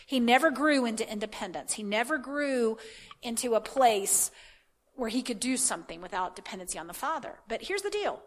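Impassioned woman preacher, high voice. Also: fairly bright tone. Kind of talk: sermon.

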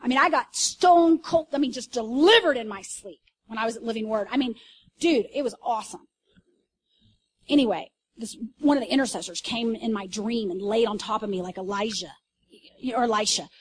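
A woman pastor preaching to a congregation, telling stories in an animated way with loud bursts and asides. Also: fairly high pitch, moderate pace. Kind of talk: sermon. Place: church service.

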